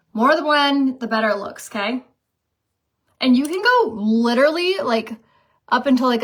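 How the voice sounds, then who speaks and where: A chatty young woman talks a makeup tutorial to the camera in a casual, rambling way. Her voice sits a little high, and she fills pauses with easy fillers. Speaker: makeup vlogger and beauty consultant. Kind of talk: casual makeup tutorial, reading viewer comments.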